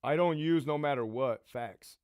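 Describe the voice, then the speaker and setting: A man's voice: fairly high pitch, moderate pace, clean tone, no room sound, dull audio. A man hosting a casual livestream, a former prison lieutenant answering viewer questions with blunt, profane stories. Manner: profane, blunt, animated storyteller.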